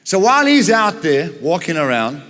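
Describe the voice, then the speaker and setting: A man preaching a storytelling sermon, retelling a Bible story in an animated way with frequent chuckles. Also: fairly high pitch, normal speed, in a large hall.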